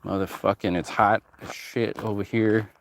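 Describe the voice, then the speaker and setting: A man with a voice on the low side speaks at a moderate pace with fairly even intonation, slight background noise audible. He owns a label and a music production company, and his casual talk meanders between subjects with lots of swearing.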